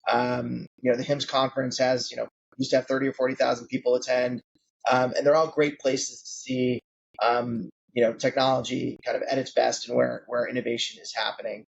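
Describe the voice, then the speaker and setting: A man's voice: medium pitch, flat delivery, fairly quick, vocal fry, highs cut off. A man in his late forties, a founder being interviewed on a podcast, talking conversationally with many fillers. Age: 40s. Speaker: guest founder.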